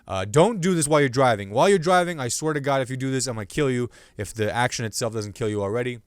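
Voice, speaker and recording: A male comedian hosting his own podcast, riffing loosely on the news with self-mocking jokes and sudden loud bursts between hushed asides. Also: mid-range voice, fast talker, clear, resonant tone, dry recording, clean studio sound. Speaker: podcast host and stand-up comedian.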